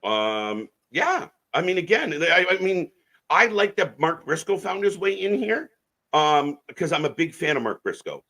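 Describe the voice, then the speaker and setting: A man's voice: on the high side, sing-song, unhurried, sharp tone. A man co-hosting a live wrestling watch-along stream, giving opinionated, rambling takes with frequent restarts.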